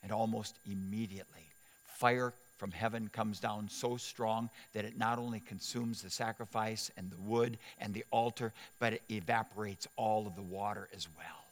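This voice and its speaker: A pastor delivering a sermon, telling a Bible story with lively dramatic emphasis and playful asides. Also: male voice, on the low side, normal speed, long reverb tail.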